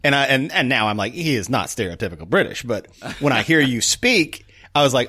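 An American man co-hosting a podcast, joking in a relaxed, casual way. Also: medium pitch, a little fast, breathy edge. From USA. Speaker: podcast co-host. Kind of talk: casual chat.

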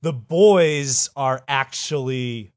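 A man talking in crude, rambling comedic banter, his voice sitting at an ordinary middle pitch. He slips into silly voices as he tells a story. The mic is close and dry, with no room sound. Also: extremely slow, no echo. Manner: rambling, playful, does silly voices for characters.

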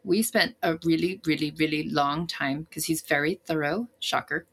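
A woman's voice: low voice, steady tone, normal speed. A woman co-hosting a podcast in casual chat, giggly and self-deprecating. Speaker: podcast co-host.

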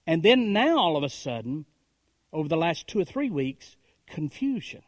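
A man preaching a sermon as a pastor, building on repeated phrases and rhetorical questions, moving between hushed lines and raised, emphatic calls. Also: a little high, sing-song, normal speed, dry recording, studio quality. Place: church.

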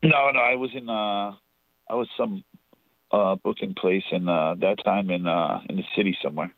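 A man's voice: fairly low pitch, fairly even intonation, normal speed, no echo, phone-quality sound. A man from New Jersey telling profane, rambling stories as a podcast guest. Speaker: podcast guest, show promoter. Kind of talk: casual storytelling.

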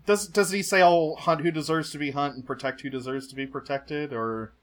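A man's voice: fairly high pitch, fairly even intonation, brisk, fairly bright tone. A man co-hosting a podcast, chatting casually and joking through an episode recap. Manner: chatty, joking, laughs often. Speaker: podcast co-host.

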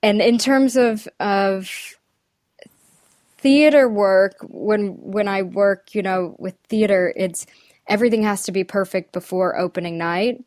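A woman's voice: medium pitch, a little slow, darkish tone, no echo, clean studio sound. A woman who works as a dialect coach, chatting in an interview, thinking aloud and laughing between phrases. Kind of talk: casual interview chat.

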